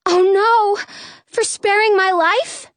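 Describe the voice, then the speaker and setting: A woman's voice: very high voice, steady tone, takes it slowly, fairly bright tone, no room sound, voice pushed up, full character voice. A woman voicing a frightened young princess who shrieks in panic in a storybook. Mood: panicked. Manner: shrieking, alarmed.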